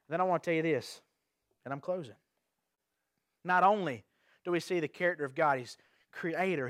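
Preaching an evening sermon in a church sanctuary, this pastor has a strikingly high voice for a man and a fairly bright tone. He's earnest, keeps returning to his phrases and questions the congregation, and the sound is dry and close with no echo and almost no room.

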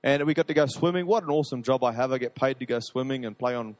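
This preacher speaks fast in a medium-pitched voice, addressing a live audience in a large hall. His sermon is energetic, enthusiastic, and rambling.

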